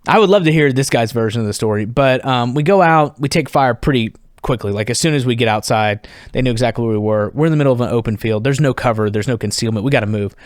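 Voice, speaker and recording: A man in his thirties, a podcast guest, telling a story and laughing as he acts out the dialogue. His voice has a middle pitch and is recorded close and dry, with no room sound. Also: quick pace, hardly any pauses, no echo. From United States. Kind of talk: storytelling in conversation.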